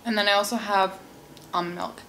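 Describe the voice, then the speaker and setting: A woman's voice: medium pitch, steady tone, fairly quick, a bit bright, a little hiss or hum, rough recording. A young woman from Seattle in her twenties, chatting casually and bubbly on her channel while eating cake, with lots of "like" and "um". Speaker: mukbang vlogger.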